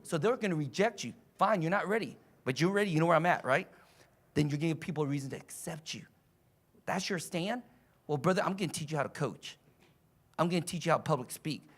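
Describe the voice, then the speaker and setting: Male seminar coach, high and hugely animated voice, yells and cusses to wake people up. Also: fast talker. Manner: fiery, shouting and cursing to rouse the audience. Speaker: coach and trainer. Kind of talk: motivational seminar talk. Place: live seminar in front of an audience.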